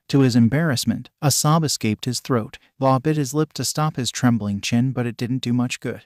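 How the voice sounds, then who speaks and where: A man narrating a fan fiction story in a steady, even reading voice, recorded close and dry. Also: mid-range voice, normal speed, few pauses, no room sound. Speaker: fanfiction reader. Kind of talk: audiobook-style story narration.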